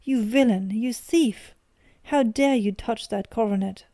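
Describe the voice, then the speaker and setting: A woman's voice: mid-range voice, steady tone, normal speed, warm tone, no room sound, close to an everyday voice. A woman reading the lines of a stern, proud aging banker who accuses his son. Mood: angry.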